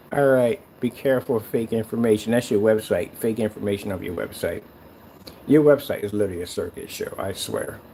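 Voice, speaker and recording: A man's voice: lowish voice, moderate pace, creaky, dark tone, slight background noise. A man who makes screen paint, delivering a sarcastic, rambling online rant that taunts a rival.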